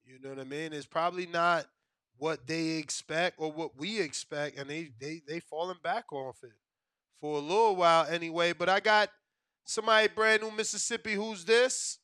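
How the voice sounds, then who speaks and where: A man's voice: on the high side, normal speed, pushed and bright, clean tone, no room sound, studio quality. A man co-hosting a boxing call-in podcast, talking in loose, slangy, profane banter with callers. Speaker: podcast co-host taking calls. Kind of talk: casual boxing call-in show chat.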